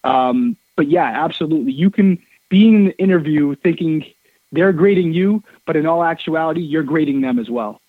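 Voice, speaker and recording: A man in his thirties is interviewed over a dry phone line, with no echo, and spends the casual chat telling stories with energy. He speaks at normal speed in a voice on the high side, stressing his points and repeating words.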